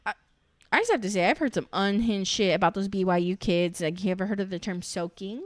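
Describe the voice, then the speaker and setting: A woman's voice: medium pitch, fairly quick, dry recording. Young female reaction vlogger, chatty and snarky, recorded dry. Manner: chatty, sarcastic, swears freely, laughs often. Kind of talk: casual recap chat.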